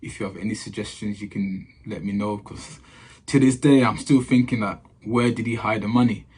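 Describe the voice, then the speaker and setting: A man's voice: on the low side, steady tone, normal speed, darkish tone, husky. A man, a footballer casually telling a story to camera in slangy talk, often repeating his phrases.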